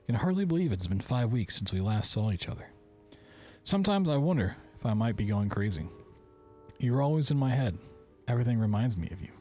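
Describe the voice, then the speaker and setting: A man's voice: mid-range voice, expressive, a little fast, warm tone, soft background music. A man hosting a game playthrough, reading in-game letters aloud and breaking off with wry, joking asides. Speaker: gaming video host.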